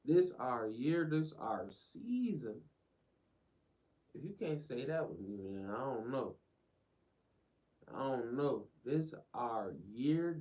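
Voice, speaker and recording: A man hosting a livestream in loose, slangy casual chat. He repeats short phrases again and again like a chant, hyping up his viewers. His voice sits at a middle pitch. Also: darkish tone, poor audio. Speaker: livestream host.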